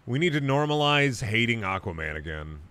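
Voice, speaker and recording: A man's voice: mid-range voice, very animated, a little fast, bright, forceful tone, clear, resonant tone. A young man streaming a video game, chatting casually and ranting with lots of swearing. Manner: crude, profane, ranting. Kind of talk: casual gaming stream chat.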